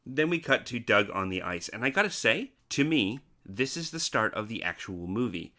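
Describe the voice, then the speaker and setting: A man's voice: fairly low pitch, very animated, normal speed, bright, forceful tone. A man hosting a podcast, chatting casually about a film with dry, explanatory asides. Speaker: podcast host. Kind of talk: casual movie-review chat.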